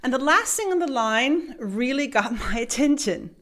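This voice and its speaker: A woman from the United States telling a personal story as a motivational speaker, animated and vivid, laughing as she goes. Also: high-pitched, normal speed. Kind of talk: storytelling talk.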